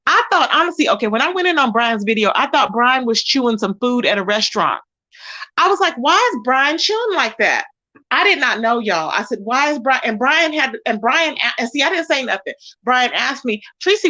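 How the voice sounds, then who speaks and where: High, bright-voiced chatty woman host. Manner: chatty, animated, greets viewers by name. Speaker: YouTube commentary host. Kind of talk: casual gossip commentary.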